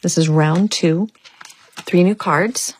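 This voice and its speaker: Slow-talking woman interviewer. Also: on the low side, a little hiss or hum. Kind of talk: casual interview.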